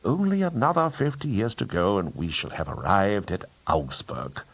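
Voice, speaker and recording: Cool polite british agent, low husky guy reading, offhand. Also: expressive, normal speed, fairly bright tone, exaggerated voice. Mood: earnest. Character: hard-pressed British male agent in disguise.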